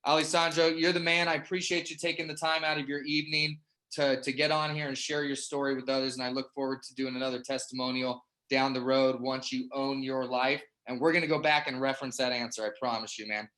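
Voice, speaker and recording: A man's voice: mid-range voice, level tone, fairly quick, bright, forceful tone. A man hosting a sales testimonial call, enthusiastic and full of praise, ending phrases with "man". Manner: enthusiastic, repeats "man" a lot. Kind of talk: energetic pep-talk interview. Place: online group call.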